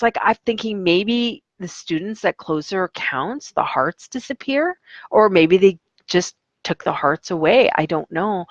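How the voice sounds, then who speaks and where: A woman's voice: medium pitch, fairly bright tone, no room sound, lo-fi sound. A young adult woman, an online English teacher, chatting casually about her classes and acting out her students in quotes. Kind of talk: casual vlog storytelling.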